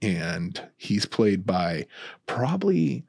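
A man co-hosting a podcast in loose, joking chat with a low voice. His voice has a gravelly edge, and the sound is dry and close. He laughs often and slips into goofy impressions. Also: sing-song, slow, darkish tone, dry recording. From United States. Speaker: podcast co-host. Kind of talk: casual chat.

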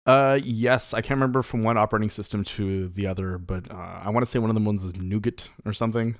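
A man co-hosting a podcast, asking wry questions in a casual, pausing way. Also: on the low side, fairly even intonation, no room sound, clean studio sound. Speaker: podcast co-host. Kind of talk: casual tech chat.

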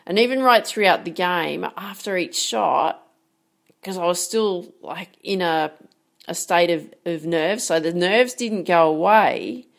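A woman's voice: lowish voice, unhurried, creaky. A woman giving a motivational coaching talk about handling nerves, direct and emphatic, often asking rhetorical questions. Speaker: sports mindset coach.

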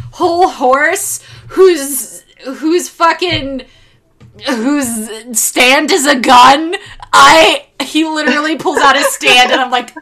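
A woman's voice: high voice, bright, forceful tone. A woman in casual podcast chat, exasperated and swearing as she recaps a show and acts out quotes.

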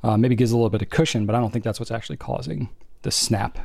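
A man's voice: medium pitch, fairly even intonation, creaky, darkish tone, dry recording. Young male co-host, easygoing rambler, dry close sound, mid-range voice. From family from New England. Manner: chatty, rambling, quick asides. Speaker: podcast co-host. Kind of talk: casual chat.

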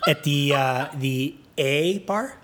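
A man from Canada, a podcast guest who jokes in a rambling, deadpan way. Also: fairly high pitch, slow, background noise. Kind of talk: casual joking chat.

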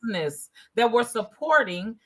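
A woman's voice: on the high side, very animated, moderate pace, crowd noise. A woman in casual conversation, telling stories animatedly and acting out quoted exchanges.

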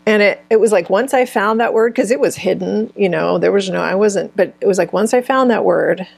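Gravelly, husky woman speaking as a guest. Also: mid-range voice, a little fast, darkish tone, no echo. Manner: searching, restarts phrases mid-thought. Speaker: healer guest. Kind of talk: conversational interview answers.

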